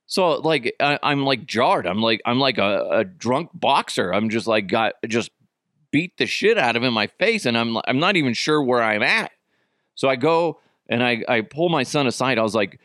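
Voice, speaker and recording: A man hosting a podcast, telling a story in a casual, profane, animated way, with many restarts and wry jokes. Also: medium pitch, normal speed, dry recording, clean studio sound. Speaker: podcast host.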